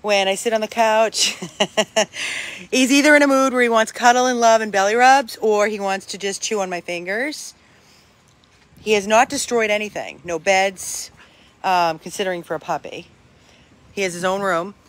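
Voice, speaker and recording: An older dog rescuer chatting at home while playing with a puppy, breaking into high coaxing calls to the dog. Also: normal speed, pauses often, fairly bright tone. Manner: talks to the dog in high coaxing calls between plain remarks. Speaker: dog rescuer showing a dog for adoption. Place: home with a dog, in hot weather.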